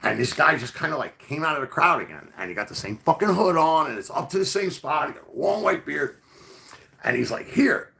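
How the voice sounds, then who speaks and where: Male podcast host, forceful and animated, rambling casual storyteller. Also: on the high side, fairly quick, vocal fry. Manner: profane, rambling, full of fillers.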